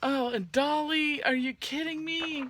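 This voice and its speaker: A middle-aged woman chatting casually to camera at home in a craft vlog, with many fillers, low-key from a sinus headache. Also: steady tone, measured pace, a bit bright, slight background noise. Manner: chatty, many fillers, gasps and squeals of delight. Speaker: craft vlogger.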